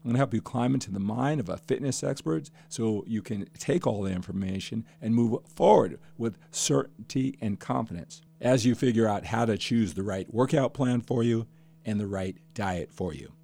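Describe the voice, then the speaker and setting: A man's voice: lowish voice, normal speed, gravelly, dark tone. An older man hosting a fitness podcast, talking passionately and emphatically and stacking up repeated phrases. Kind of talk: podcast monologue.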